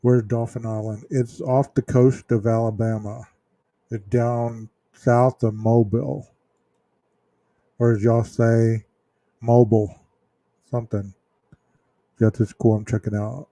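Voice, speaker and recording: A man's voice: mid-range voice, flat delivery, a little slow, warm tone, dry recording. A man hosting a true-crime livestream, chatting casually with viewers in chat, rambling with fillers and restarts.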